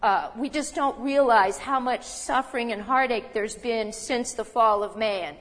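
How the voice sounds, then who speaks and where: Lady preacher, kinda high voice, talking it through with questions, big echoey hall. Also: measured pace. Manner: conversational teaching, rhetorical questions. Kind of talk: sermon. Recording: long reverb of a hall.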